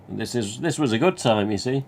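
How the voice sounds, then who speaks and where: This English live-stream host speaks in Nottingham English, his mid-range voice brisk and lively in intonation. His story is casual and meandering, peppered with swearing and frequent restarts.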